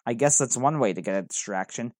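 A man narrates a first-person adventure in an earnest, dramatic reading voice. His pitch sits in the middle for a man. The recording is dry and close, with no room echo. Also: fast talker.

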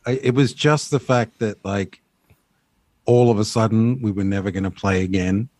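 A man talking as a podcast guest in a relaxed, reflective way, with halting restarts. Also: on the low side, dry recording. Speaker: guest, filmmaker and former band member. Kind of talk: casual interview chat.

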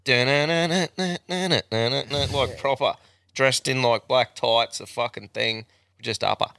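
A man's voice: mid-range voice, steady tone, normal speed, vocal fry, fairly bright tone, no echo. An Australian man hosting a podcast, swearing and laughing through casual banter. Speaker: podcast host. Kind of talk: casual chat.

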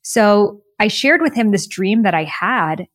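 Earnest, animated woman telling her story. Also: medium pitch, measured pace, no echo, clean studio sound. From United States. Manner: earnest, animated, spiritual-motivational talk. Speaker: podcast guest, author and coach. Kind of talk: reflective conversational storytelling.

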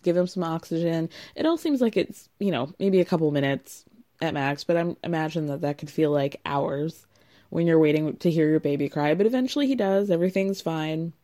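A woman's voice: lowish voice, mellow. A young woman recapping a reality TV show in a chatty, sarcastic way, laughing often at the drama. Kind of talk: casual recap commentary.

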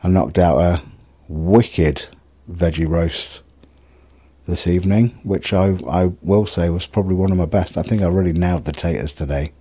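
A middle-aged vlogger with a very deep, husky voice rambles through a casual video diary, swearing and poking fun at himself. His tone is dark and mellow, and he talks at normal speed.

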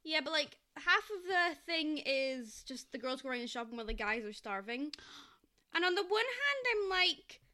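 A young woman co-hosting a casual podcast chat, expressive and swearing casually, acting out mock quotes. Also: high-pitched, normal speed. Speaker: podcast co-host.

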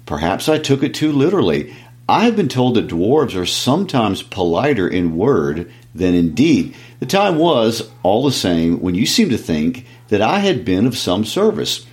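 A man's voice: on the low side, sing-song, normal speed, darkish tone. A man voicing a small, polite, fussy hobbit while reading a book aloud. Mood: prim. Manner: prim, politely indignant.

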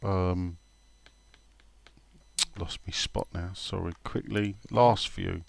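A man's voice: deep voice, steady tone, takes it slowly, vocal fry, no room sound. A man hosting a casual podcast, reading out listener questions and telling funny stories with frequent laughter. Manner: chatty storyteller, laughs often. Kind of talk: casual chat.

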